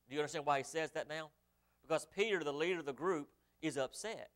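Man, pastor, sermon, rather high voice, smooth and resonant, rhetorical questions, scripture reading. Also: fairly quick, a bit bright. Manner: asks the congregation rhetorical questions; reads scripture aloud in old-fashioned wording.

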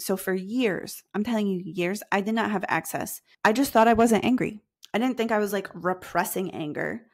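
A woman hosting a solo podcast as a money coach, talking casually and conversationally and repeating phrases for emphasis. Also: medium pitch. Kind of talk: solo podcast teaching talk.

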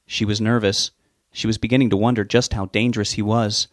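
A man reading a novel aloud in a measured, steady way. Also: on the low side, dry recording, studio quality. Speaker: narrator. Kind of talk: audiobook narration.

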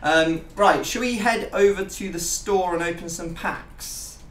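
A man's voice: high voice, a little slow, fairly bright tone, roomy sound, distant mic, slight background noise. A young man hosting a gaming video, chatting casually and rambling with self-mocking jokes. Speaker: YouTube gaming host.

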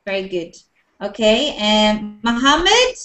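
A woman's voice: mid-range voice, very animated, slow, sharp tone, faint music behind. A woman teaching English in an online class over a video call, encouraging and repeating her praise often.

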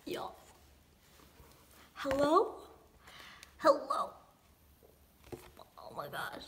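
Young woman, high voice, slow talk, gushing unboxing chatter, squeals and whispers, faint background hiss. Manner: gushing, swings between squeals and hushed whispers. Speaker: album unboxing vlogger. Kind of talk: excited casual unboxing chatter.

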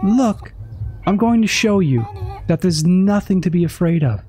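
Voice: medium pitch, animated, measured pace, dark tone, voice pushed up, close to an everyday voice. A gamer voicing a cheerful but evasive teddy bear that gives vague, breezy reassurances.

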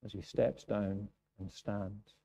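A Scottish man preaching a sermon in a church, moving between quiet reflective passages and raised, emphatic ones. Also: fairly low pitch, steady tone, slow, creaky. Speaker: pastor. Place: church sanctuary. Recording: dull lo-fi sound.

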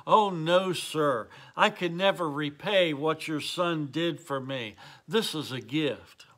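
A man voicing a humble, grateful young male soldier in a story, speaking softly. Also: fairly high pitch, slow pace.

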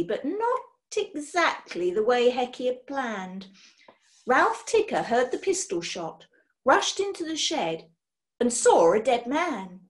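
A woman reading a children's book aloud, expressive, swinging between loud and hushed. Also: fairly high pitch. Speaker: storyteller.

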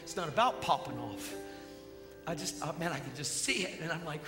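Excitable high-voiced man preaching in a hall. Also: normal speed, gravelly. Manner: excitable, retells a movie with gusto, slangy (man, dude). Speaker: guest preacher. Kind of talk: sermon. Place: church hall with live audience. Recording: church hall reverb with music behind.

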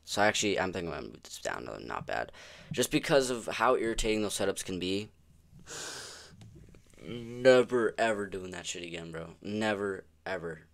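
A man's voice: on the low side, lively intonation, moderate pace, vocal fry. A young man giving casual, rambling commentary on video games, swearing often and sounding exasperated. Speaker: gaming video creator.

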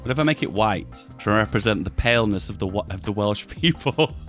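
A man's voice: lowish voice, expressive, brisk, fairly bright tone, faint music behind. A man hosting a casual video, chatting as he edits images, often asking viewers what they think and laughing at his own jokes. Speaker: video host. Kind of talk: casual commentary while editing images.

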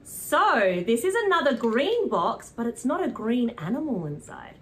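Young British woman for kids' lessons, high, lively sing-song delivery. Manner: slow, sing-song and animated, gasps and cheers. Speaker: children's presenter. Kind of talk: preschool teaching.

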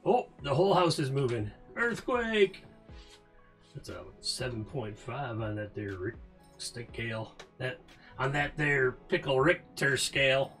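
Easygoing male streamer, slow and rambling. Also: medium pitch, animated, a bit bright, soft background music. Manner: rambling, joking, talking to himself. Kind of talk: casual live-stream chat while working. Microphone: headphones on.

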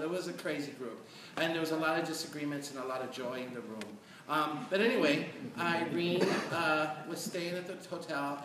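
A middle-aged man on a panel, telling stories in an animated, chatty way and checking in with "right?". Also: fairly high pitch. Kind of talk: storytelling on a panel. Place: large echoey hall at a panel event. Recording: echoey hall from far off, noisy.

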